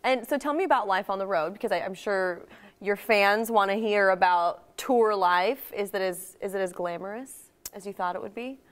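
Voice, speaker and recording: A woman's voice: mid-range voice, moderate pace. A woman hosting a TV talk show, interviewing a band in an upbeat, chatty way. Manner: upbeat, chatty, laughs easily. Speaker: TV show host. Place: TV studio.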